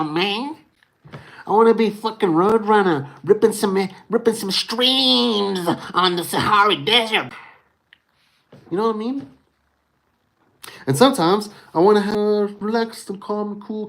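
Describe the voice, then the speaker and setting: A man ranting on his own livestream in a loose, unfiltered monologue. He is very expressive, swears often and drops "dude" and "bro" into nearly every thought. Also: high voice.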